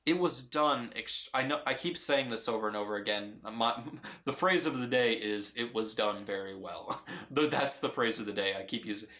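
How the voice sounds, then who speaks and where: A man's voice: fairly low pitch, moderate pace, sharp tone. A man giving a casual, earnest film review, often restarting and repeating his phrases. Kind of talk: casual movie review vlog. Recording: roomy echo.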